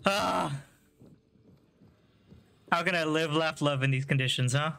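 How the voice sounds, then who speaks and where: A man's voice: on the high side, a little slow, vocal fry, sharp tone, smooth. A man streaming a video game live, chatting casually, joking, swearing and laughing a lot as he plays. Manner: jokey, laughs often, swears, teases chat. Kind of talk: casual live gameplay commentary.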